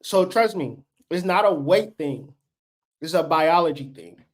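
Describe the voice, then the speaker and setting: High-voiced preachy man in his late 30s. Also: animated, unhurried. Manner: profane, fired-up and preachy. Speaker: livestream host. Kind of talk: unscripted livestream rant.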